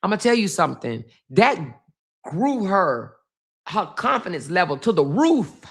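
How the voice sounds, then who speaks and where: A woman's voice: lowish voice, sing-song, normal speed, vocal fry, husky. A middle-aged woman, telling a family story to her viewers in a casual, emphatic way, repeating phrases. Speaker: vlog host.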